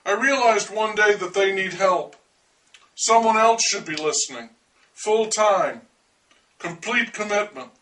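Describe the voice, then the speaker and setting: An actor playing an earnest, eccentric man devoted to listening for alien life, confiding in a wry, deliberate monologue. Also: high-pitched, pushed and bright, recorded from a distance, rough recording.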